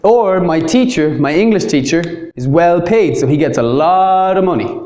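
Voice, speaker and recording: A man with an Irish accent giving an English grammar lesson, slowing down to say each example phrase clearly. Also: a little high, lively intonation, darkish tone, roomy sound. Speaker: English teacher.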